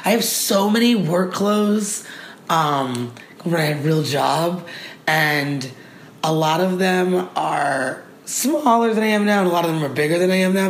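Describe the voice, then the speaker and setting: A woman comedian chatting in a candid, rambling way, with a gravelly rasp in her voice. The room is echoey, and a faint background ambience hums underneath. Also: low-pitched. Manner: candid, rambling, laughs often. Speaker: stand-up comedian, guest. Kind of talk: casual chat. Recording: roomy with faint ambient noise.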